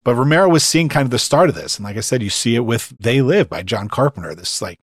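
A man's voice: medium pitch, expressive, fast talker, dry recording, studio quality. A man talking casually and enthusiastically about a film, filling his sentences with "like" and "you know". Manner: enthusiastic, heavy use of "like".

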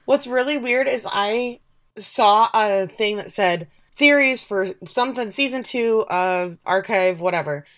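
A woman's voice: medium pitch, a little slow, fairly bright tone. A woman co-hosting a podcast who rambles through casual chat. She swears freely and loses her thread. She is from the American Midwest. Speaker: podcast co-host.

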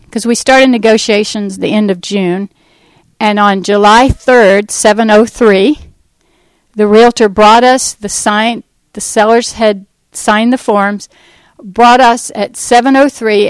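A woman from the United States telling her life testimony, acting out the dialogue in lively fashion. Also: a little high, clean tone, no room sound, rough recording. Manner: animated storyteller acting out dialogue. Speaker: ministry founder giving testimony. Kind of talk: personal testimony talk.

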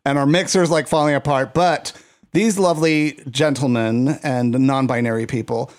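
A man hosting a casual comedy podcast, chatting with quick asides and laughter. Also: medium pitch, fairly even intonation. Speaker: podcast host. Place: small home podcast studio.

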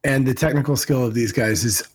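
A man with a husky, slightly breathy voice talks easily on a podcast, often pausing and restarting. His pitch sits in a middling range for a man. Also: dry recording. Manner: easygoing, hesitant, self-correcting. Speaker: podcast co-host. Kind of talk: casual chat.

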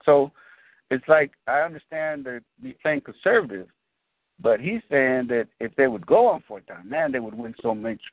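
A man's voice: on the high side, moderate pace, gravelly, no echo. A man talking sports in a loose, rambling way, doubling back on his sentences and building up steam as he makes his case. His voice is dry and close, with narrow, phone-like sound. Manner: rambling, restarts sentences, animated when explaining. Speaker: podcast co-host. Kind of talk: casual sports chat.

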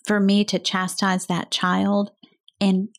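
A woman's voice: mid-range voice, completely flat delivery, slow pace. A woman in her thirties, a mother co-hosting a casual faith and parenting talk, speaking earnestly. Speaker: podcast co-host. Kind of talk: casual chat.

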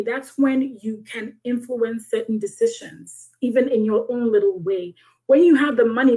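A woman's voice: on the high side, poor audio. Emotional woman guest, heartfelt and a little shaky, restarting her sentences. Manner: earnest, with frequent restarts and soft laughs. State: emotional, near tears. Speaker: guest, author and business owner. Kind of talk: emotional podcast conversation.

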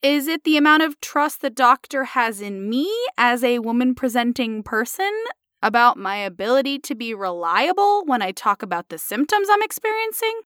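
A woman's voice: on the high side, expressive, moderate pace, a bit bright, no room sound, studio quality. A woman co-hosting a podcast, throwing in sarcastic quips. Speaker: podcast co-host. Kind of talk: casual podcast chat.

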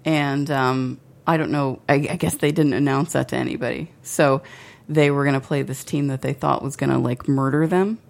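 A woman's voice: rumbling low, fairly even intonation, normal speed, creaky, a little mellow. A tipsy woman co-hosting a casual chat show, reading out a news story and laughing often as she rambles. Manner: laughs often, loose and rambling after drinking. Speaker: podcast co-host.

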